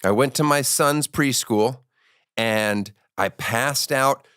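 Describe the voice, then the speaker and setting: A man in his forties hosts a comedy podcast, rambling through stories with restarts and crude jokes. His voice sits at an everyday middle pitch. The sound is close and dry, with no room around it. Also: slow pace, fairly bright tone, clean tone, no room sound. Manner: rambling, profane storytelling with restarts. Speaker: podcast host. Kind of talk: casual comedic chat.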